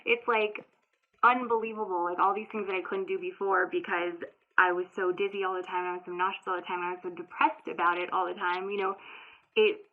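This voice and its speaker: Woman in her thirties, heartfelt first-person storyteller with a halting delivery and a thin, lo-fi sound. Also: lowish voice, level tone. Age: 30s. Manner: emotional, halting, many restarts and fillers. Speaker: author telling her story. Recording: tinny phone-like sound.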